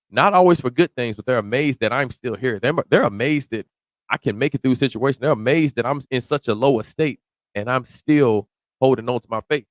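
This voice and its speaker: A man preaching verse by verse, reading scripture slowly and then explaining it in casual slang, sometimes rising to a shout. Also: mid-range voice, dry recording. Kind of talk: verse-by-verse sermon.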